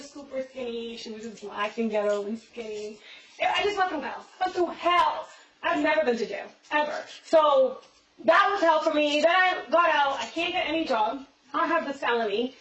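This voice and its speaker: A woman with a fairly high voice rattles off a story in quick, profane bursts, repeating herself as she vents. She sounds far from the mic in a bare, echoing room. The hidden-camera audio is muffled and dull. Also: expressive, a bit bright, a little hiss or hum. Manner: rapid, profane, repetitive venting. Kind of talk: casual storytelling. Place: police interview room.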